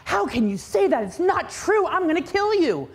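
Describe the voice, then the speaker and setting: Woman voicing an insecure fairy-tale king, touchy and defensive, husky. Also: mid-range voice, very animated, normal speed. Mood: furious. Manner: pleading and defensive. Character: insecure, touchy young king who feels mocked.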